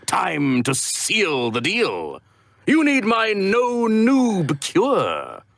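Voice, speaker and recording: A man voicing a sly, menacing male snake-oil salesman with a smooth sales pitch. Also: wildly swooping pitch, very slow, fairly bright tone, no echo, exaggerated voice. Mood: scheming.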